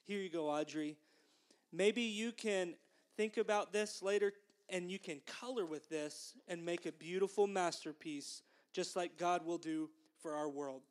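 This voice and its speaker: A woman giving a children's sermon, gently encouraging the children and asking them to repeat phrases after her. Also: lowish voice, measured pace. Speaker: children's minister.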